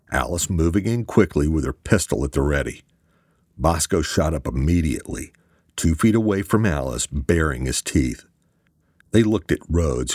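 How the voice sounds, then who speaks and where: A man narrating a thriller audiobook in a steady storytelling manner. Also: rumbling low, slightly rough, no room sound, clean studio sound.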